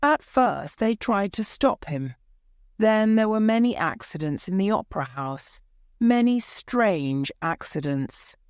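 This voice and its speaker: Lady reading as a fearless old doorkeeper, scornful and knowing, slow clear voice, low-ish. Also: animated, dry recording, clean studio sound.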